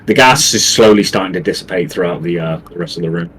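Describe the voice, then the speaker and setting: A man's voice: deep voice, fast talker, a bit bright, a little hiss or hum, rough recording. A man narrating a tabletop game as game master, easygoing with frequent ums.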